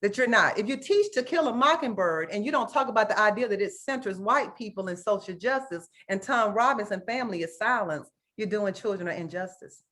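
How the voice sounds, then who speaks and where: Giving an online conference workshop over video call, a teacher speaks fairly quickly with few pauses in an expressive, sharp, medium-pitched voice. She is earnest and emotional, regularly checking in with "right?" and calling her audience "guys."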